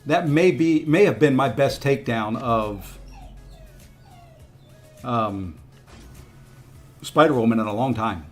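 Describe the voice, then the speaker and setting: Speaking slowly with frequent pauses, a mid-range male voice comments casually on a mobile fighting game he's streaming, with soft music in the background. His tone is rueful and easygoing as he talks to himself and his chat and coaxes the opponent.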